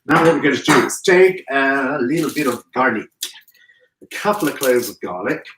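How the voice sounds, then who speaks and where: A man's voice: mid-range voice, animated, moderate pace, background noise. Guy chatting thru a live cooking demo, echoey kitchen, playful asides. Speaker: florist hosting a live cooking show.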